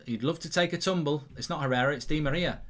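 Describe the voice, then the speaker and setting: A man in his thirties hosts a live football watchalong, chatting through viewer messages between bursts of match commentary. His voice sits a little high and sounds bright and forceful. He gets loud and excitable whenever something big happens on the pitch. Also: fast talker. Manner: excitable, reads viewer messages aloud, rises sharply in big moments.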